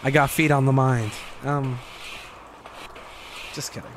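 A young man streaming gameplay commentary, excitable and joking, swearing freely. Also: a little high, a little slow, long pauses, background noise.

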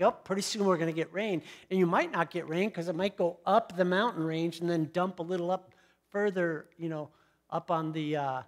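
High-voiced man preaching a sermon. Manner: storytelling, conversational asides to the congregation. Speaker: pastor.

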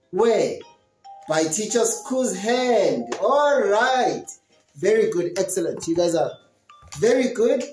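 Teacher slowly acting out classroom dialogues. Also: medium pitch, sing-song, a little mellow, faint music behind. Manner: slow, repetitive explaining, acting out questions and answers; encouraging. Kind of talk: classroom lesson for young learners. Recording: roomy echo.

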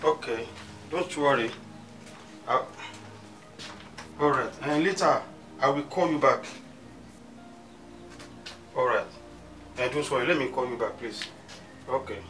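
An actor playing a calm, reassuring man who looks after a lost child in a gospel film. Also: mid-range voice, unhurried, long pauses, soft background music, close to an everyday voice. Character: kindly grown man looking after a lost little girl. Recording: distant voice on set.

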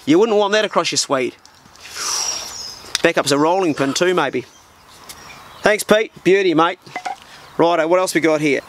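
A man's voice: on the high side, normal speed, long pauses, a little hiss or hum. A New Zealand man with a New Zealand accent, chatting in a slangy, blokey way as he opens parcels on his vlog at an old farmhouse. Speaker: vlogger. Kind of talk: casual mail-opening vlog.

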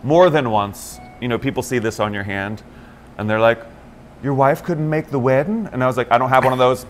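Animated male morning-show co-host. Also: medium pitch, fast talker, a little hiss or hum. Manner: animated storyteller, acts out quotes in other voices. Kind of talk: casual chat.

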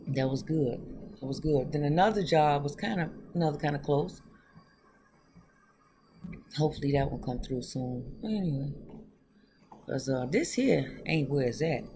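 A woman's voice: low-pitched, vocal fry, warm tone, slight background noise. A woman reading tarot on her own channel, chatting loosely and talking straight to her viewers with frequent laughs. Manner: laughs often. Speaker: tarot reader. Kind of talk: casual tarot reading vlog.

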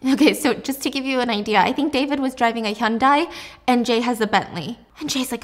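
Woman host, casual drama recap, lively storytelling, fairly high voice. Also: fairly quick. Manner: lively, animated storytelling with laughs.

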